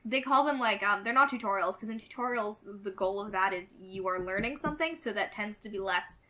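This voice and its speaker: A young woman co-hosting a casual podcast, chatty and swearing freely with animated asides. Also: mid-range voice, fairly quick. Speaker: podcast co-host.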